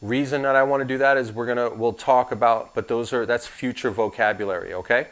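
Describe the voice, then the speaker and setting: Guy teaching an insurance licensing class, laid-back and chatty, mid-pitch voice, tells you what to highlight. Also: fairly even intonation, a little fast, fairly bright tone, poor audio. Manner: casual, conversational teaching with frank asides. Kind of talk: live class lecture.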